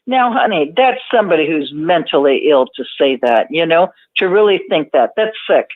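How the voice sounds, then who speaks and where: A woman's voice: sits low, lively intonation, normal speed. Woman host, affirming and caring, says honey a lot, tinny phone sound. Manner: affirming, calls the guest honey. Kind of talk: sympathetic interview.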